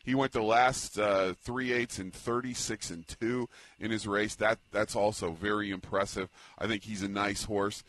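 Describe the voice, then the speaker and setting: A man working as a racing analyst on radio, weighing up the horses in a measured way with some hesitant restarts. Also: on the low side, fairly even intonation, a bit bright, dry recording.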